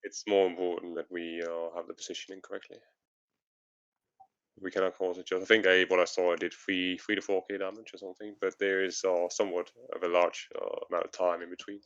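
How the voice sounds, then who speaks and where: A man leading raid tactics over voice chat, measured and hedging as he thinks aloud. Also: low voice, little pitch movement, a bit bright, clean tone, no echo, highs cut off. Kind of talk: casual voice chat strategy talk.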